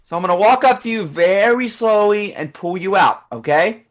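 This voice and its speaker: A man reading the part of a steady, awkward man rescuing a woman, in a calm, reassuring, slightly sheepish way. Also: high voice, moderate pace. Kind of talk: amateur online script reading.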